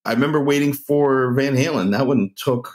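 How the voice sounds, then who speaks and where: A man's voice: medium pitch, moderate pace. A man guest on a podcast, adding wry asides in casual chat.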